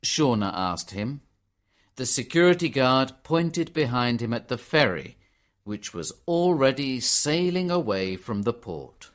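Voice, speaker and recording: Guy reading an english learner story, slow and clear, very expressive. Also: mid-range voice. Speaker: narrator. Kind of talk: graded reader audiobook narration.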